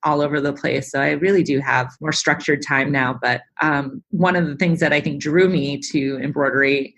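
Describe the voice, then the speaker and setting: A woman's voice: sits low, fairly even intonation, moderate pace. A middle-aged woman interviewed as a guest, who laughs easily and lets her sentences trail off. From United States. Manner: warm, laughs easily, trails off mid-thought. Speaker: guest, embroidery artist. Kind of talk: casual interview chat.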